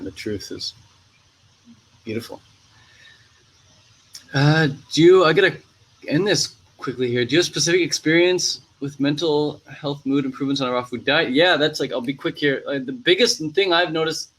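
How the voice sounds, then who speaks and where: A relaxed young man chats casually into the camera with an easygoing, slangy delivery. He keeps dropping "like" and "man" as he rambles from one thought to the next, at an everyday middle pitch. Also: low-quality recording. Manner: laid-back, slangy, full of "like" and "man". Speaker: vlogger. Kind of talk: casual chat.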